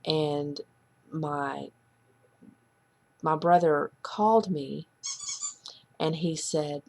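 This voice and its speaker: A woman with a low voice tells a hard personal story, earnest and halting. Her voice has a gravelly, creaky edge, and she speaks slowly. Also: steady tone. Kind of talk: heartfelt personal testimony.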